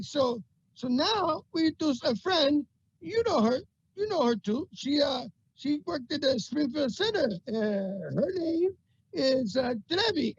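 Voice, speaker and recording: A man co-hosting a video call with comedic banter, talking in halting bursts and repeating his words. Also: extremely high pitch, gravelly. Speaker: co-host. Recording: dull lo-fi video call audio.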